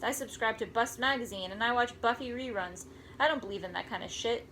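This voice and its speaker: A woman's voice: mid-range voice, fairly bright tone, slight background noise, low-quality recording. A woman reading a first-person story aloud in a wry, conversational way. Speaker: audiobook narrator.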